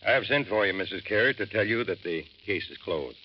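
An actor playing a stern, formal businessman who speaks in a measured way, in 1940s radio acting style. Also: sits low, animated, a little hiss or hum. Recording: dull lo-fi old radio broadcast.

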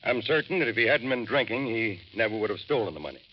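An actor playing a stern, formal businessman who speaks in a measured way, in 1940s radio acting style. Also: medium pitch, lively intonation, slight background noise, lightly acted. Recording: dull lo-fi old radio broadcast.

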